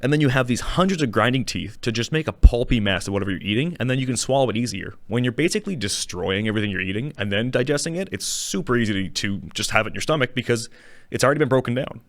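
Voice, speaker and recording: A man's voice: medium pitch, lively intonation, quick pace, a bit bright, dry recording. A man hosting a casual educational show, rambling, correcting himself and chuckling as he explains. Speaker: show host. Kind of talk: casual educational talk on dinosaurs. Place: small studio.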